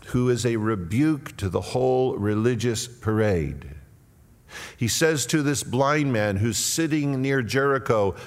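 A man preaching a sermon and telling the story dramatically, moving between loud cries and hushed tones. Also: fairly low pitch. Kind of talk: expository sermon. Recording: long reverb of a large hall.

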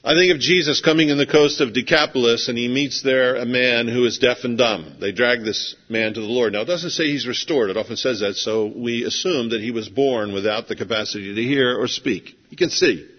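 A man with a medium-pitched voice preaches a sermon briskly, hardly pausing, in a conversational storytelling style where he acts out scenes as he goes. The recording sounds dull and lo-fi with long hall reverb.

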